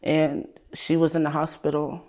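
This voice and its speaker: A woman from Ohio, a guest in an interview, speaking candidly and casually, her voice sometimes trailing off softly. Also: low-pitched, flat delivery, moderate pace. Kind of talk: emotional personal interview.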